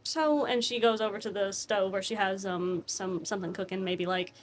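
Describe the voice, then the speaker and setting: A woman's voice: mid-range voice, steady tone, normal speed, a little hiss or hum. A woman running a tabletop game as game master, chatty and giggly with lots of hesitations.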